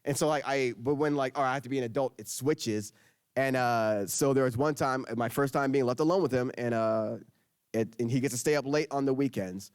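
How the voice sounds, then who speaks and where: A man in his thirties performing spoken-word poetry, telling stories in an animated, self-interrupting way and often laughing. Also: mid-range voice, normal speed, clean tone, no room sound, studio quality. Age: 30s. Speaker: poet performing at a school writers' week.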